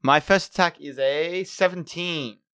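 A high-voiced man sits in at a tabletop game and rattles off his attack rolls. His tone is bright and keen, and he laughs often. The sound is close and dry. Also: unhurried, clean tone, no room sound. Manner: playful, laughing between lines. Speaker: player.

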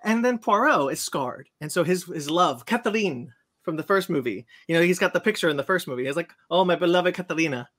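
A man on a podcast telling a long, animated story about a movie he saw and acting out its scenes. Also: a little high, a little fast. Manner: animated storyteller, acts out scenes in silly voices. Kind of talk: casual chat, movie rant.

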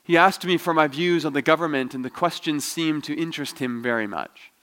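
A man reading the lines of a calm, gentle wandering preacher, quiet and earnest, during a dramatic reading from a novel. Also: on the high side, fairly quick, lightly acted.

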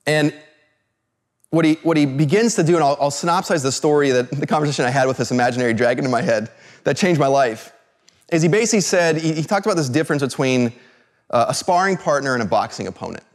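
A man from California telling a personal story to an audience, animated, with many fillers and restarts. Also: fairly high pitch. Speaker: speaker.

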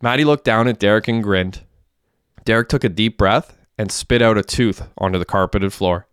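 Man reading a story, smooth and dry. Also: on the low side, moderate pace, no echo. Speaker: narrator. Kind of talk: audiobook narration.

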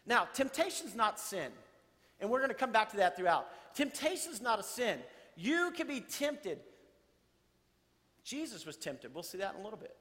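A man preaching a sermon to a congregation, conversational and animated, with playful asides. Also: high voice, normal speed, long reverb tail. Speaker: pastor.

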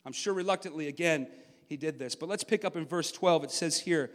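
Guy preaching a sermon, high voice, big echoey church hall, punchy then quiet. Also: fairly quick. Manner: emphatic, swinging from loud to hushed. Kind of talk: sermon with Bible reading.

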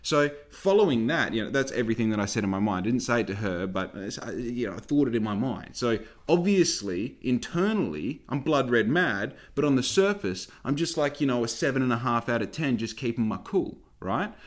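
A young man with an Australian accent tells a long, rambling story. He swears freely and speaks in an animated way. His voice sits at a mid pitch. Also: brisk, hardly any pauses. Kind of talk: casual storytelling.

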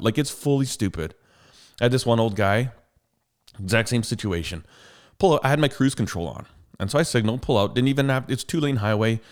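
A man telling driving stories in casual chat, acting out rants at other drivers. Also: medium pitch. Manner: animated storytelling, acts out rants at other drivers.

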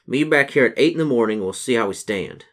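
A man's voice: mid-range voice, expressive, quick pace, a bit bright, close to an everyday voice. Man reading as a plain-spoken country coach driver. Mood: matter-of-fact.

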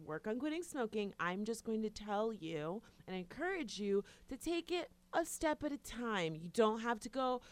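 A young adult woman chatting casually as a podcast co-host, animated and teasing, acting out her husband's outbursts. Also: a little high, moderate pace, few pauses. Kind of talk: casual chat.

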